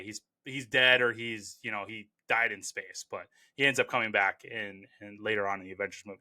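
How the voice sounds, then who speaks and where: Bright-voiced man chatting through a movie review. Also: mid-range voice. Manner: relaxed, chatty, frequent "uh" fillers. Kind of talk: casual movie review commentary.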